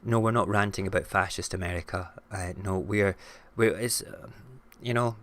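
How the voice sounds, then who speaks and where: A low-pitched Scottish man hosts a live-streamed morning show from a home setup. He talks casually and frankly, drifting into ranting, with swear words thrown in. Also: fairly even intonation, normal speed, a bit bright. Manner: frank and ranty, swears freely.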